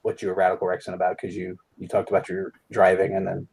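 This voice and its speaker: A man's voice: low-pitched, completely flat delivery, fast, creaky, a little mellow, breathy edge. A man co-hosting a podcast, chatting casually in a joking, playful way. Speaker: podcast co-host. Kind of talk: casual chat.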